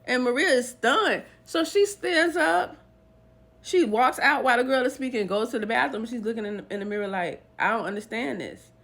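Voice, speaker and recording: A woman's voice: on the high side, moderate pace, fairly bright tone. A woman retelling a dramatic true story in a casual storytime way, animatedly acting out the people's lines.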